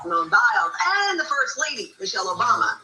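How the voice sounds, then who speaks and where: A woman's voice: fairly high pitch, very animated, fast talker, creaky, over a noisy crowd. A woman hosting a talk show and interviewing a guest, effusive and emotional. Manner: effusive, emotional, laughing and tearful. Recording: roomy, distant studio sound with music.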